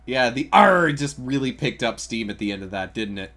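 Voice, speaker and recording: A man's voice: mid-range voice, expressive, moderate pace, fairly bright tone. A man streaming a game, casual and joking, with frequent swearing. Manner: swearing, joking, laughs a lot. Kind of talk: casual live-stream commentary.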